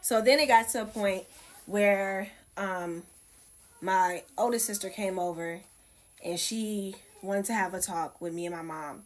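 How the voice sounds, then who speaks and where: A woman's voice: medium pitch, a little slow. A woman casually recounting a personal story in a conversational way, shown as a clip in a reaction video.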